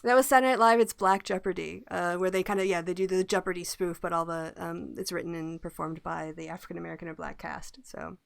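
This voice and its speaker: A woman's voice: lowish voice, steady tone, quick pace, gravelly, few pauses, no echo. Chatty woman host who laughs often. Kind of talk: casual chat.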